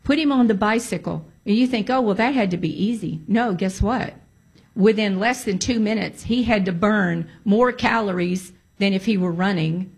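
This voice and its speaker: A woman's voice: medium pitch, moderate pace, breathy edge. A woman giving a testimony to a congregation, emphatic and repeating phrases for stress. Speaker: church speaker giving testimony.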